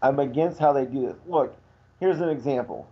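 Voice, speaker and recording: A man's voice: mid-range voice, normal speed, husky, muffled recording. A man co-hosting a radio talk show, ranting indignantly in casual banter. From Irish heritage.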